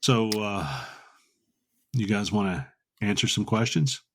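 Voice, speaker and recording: A man's voice: lowish voice, animated, takes it slowly, fairly bright tone, breathy edge. A man hosting a casual podcast, rambling and joking between ad plugs. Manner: rambling, jokey, reads ad plugs. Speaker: podcast host.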